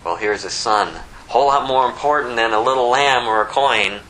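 A man preaching a sermon with a bright, forceful voice. He tells the story in a folksy, animated way, leaning on its drama and asides. A faint noise sits under his voice. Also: medium pitch, moderate pace, poor audio.

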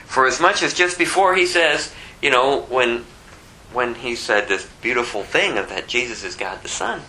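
A man's voice: medium pitch, animated, normal speed, pushed and bright, slight background noise, rough recording. A man giving a casual Bible teaching, rambling with conversational asides. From Phoenix area. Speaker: preacher.

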